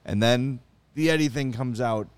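A man's voice: medium pitch, normal speed, clean tone, dry recording. A man with a Chicago accent hosting a sports podcast, talking casually and swearing in frustration. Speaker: podcast host.

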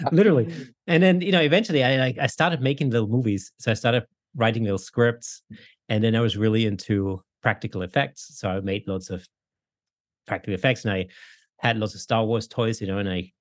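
A man's voice: mid-range voice, normal speed, no room sound, clean studio sound. Reflective man in his forties. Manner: reflective, rambling, many "you know" fillers. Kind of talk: casual podcast conversation.

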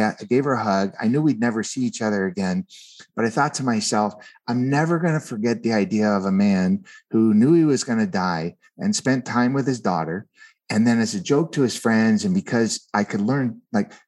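A man's voice: on the low side, normal speed, a little mellow. A man, a guest and author, telling a personal story in an earnest conversational way, often repeating words as he starts a thought.

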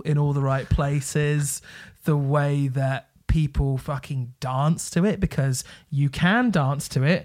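A man's voice: on the high side, steady tone, slow, darkish tone. Enthusiastic man chatting. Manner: enthusiastic, swears freely, many fillers. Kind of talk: casual chat.

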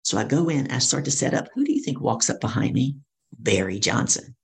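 A middle-aged woman, a guest speaker and coach, telling stories lively and acting out the voices of people she quotes. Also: a bass voice, fairly quick, creaky. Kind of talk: storytelling interview.

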